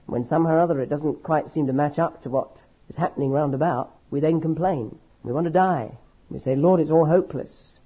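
A man preaching a sermon with an emphatic, dramatic delivery, slowing down to stress key words. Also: a little high, slightly rough. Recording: dull lo-fi recording.

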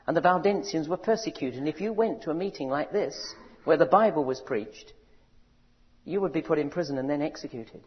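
A man preaching a sermon, building to loud rousing cries and asking his audience questions. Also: fairly high pitch, brisk. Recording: dull recording in a large reverberant hall.

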